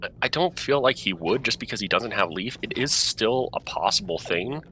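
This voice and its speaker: A man's voice: lowish voice, lively intonation, moderate pace, pushed and bright, slight background noise. A man commentating a live game tournament in a casual way, explaining the game's logic and thinking aloud.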